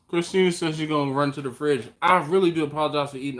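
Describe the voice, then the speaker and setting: A man hosting a casual live stream, greeting viewers by name and reading their comments, easygoing and quick to chuckle, recorded on a phone at home. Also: a little high, a bit bright. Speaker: host of a barbecue live stream. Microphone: phone on a mount.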